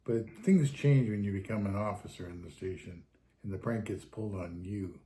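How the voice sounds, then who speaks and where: A man's voice: fairly low pitch, normal speed, mellow, a little hiss or hum. A man, a former fire captain co-hosting a podcast, who tells stories with animation and acts out the voices in them. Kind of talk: casual storytelling chat. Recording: roomy, echoey room sound.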